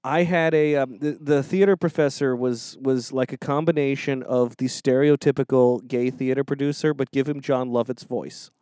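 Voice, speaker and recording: A man's voice: mid-range voice, fairly even intonation, normal speed, few pauses, mellow, no echo, studio quality. A man, a defense attorney and regular guest, telling rambling stories and laughing mid-sentence. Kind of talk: casual podcast chat.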